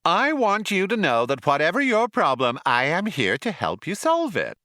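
A man's voice: high voice, huge pitch swings, moderate pace, dry recording, clean studio sound, voice pushed up, heavily acted. A man doing a brash, cheery ship computer. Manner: bright, salesy, over-helpful.

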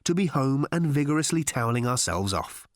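A man's voice: mid-range voice, animated, brisk, dry recording, pitched above the performer's own voice, close to an everyday voice. Fields: Figure: a man doing an unflappable alien traveller. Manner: dry, curt. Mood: dry offhand. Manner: dry, curt, matter-of-fact. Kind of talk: audiobook character voice.

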